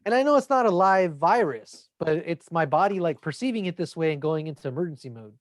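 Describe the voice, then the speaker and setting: A man's voice: fairly high pitch, animated, fairly quick, no room sound, studio quality. A young man, a podcast co-host, in casual chat, telling a rambling story full of swearing.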